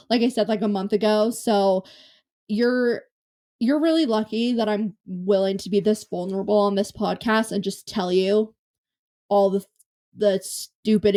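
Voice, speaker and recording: A woman's voice: medium pitch, darkish tone. A young adult woman hosting a casual solo podcast, chatty and self-deprecating, rambling through stories with restarts, her voice a little worn from talking. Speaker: podcast host. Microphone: close podcast mic on camera.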